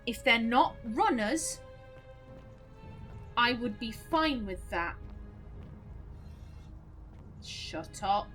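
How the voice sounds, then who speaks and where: A high-pitched woman talks through a horror game at an unhurried pace, swearing freely as her nerves fray. She swings between loud outbursts and low, hushed mutters. Game music plays clearly behind her. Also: very animated, low-quality recording. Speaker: let's play host.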